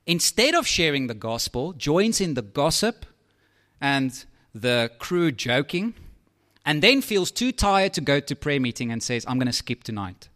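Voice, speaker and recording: A man preaching a sermon in a lively, conversational way, with asides to his listeners. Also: a little high, measured pace.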